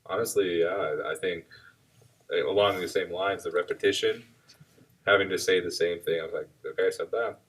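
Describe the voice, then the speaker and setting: A man, a martial arts instructor co-hosting a podcast, reflecting thoughtfully on teaching in measured phrases. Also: sits low, fairly even intonation, a bit bright, far from the mic, a little hiss or hum. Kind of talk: casual chat.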